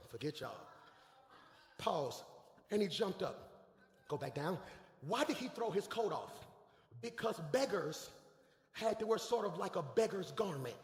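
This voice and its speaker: A man preaching a lively sermon as pastor, with shouted bursts and casual slang. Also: high-pitched, slight background noise. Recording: echoey hall.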